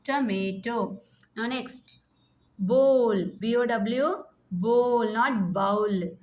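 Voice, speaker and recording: A woman's voice: on the high side, drawn-out words, a little mellow. A woman with an Indian English accent teaching a phonics lesson, sounding out letters and repeating each word. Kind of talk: slow classroom phonics lesson.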